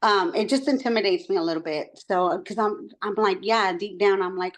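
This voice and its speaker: A woman's voice: medium pitch, animated, fairly quick, hardly any pauses. A woman from Texas with a Texan accent, chatting on a video call as a meetup attendee, talkative and a little self-conscious, mixing in Spanish words. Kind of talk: casual chat on a video call.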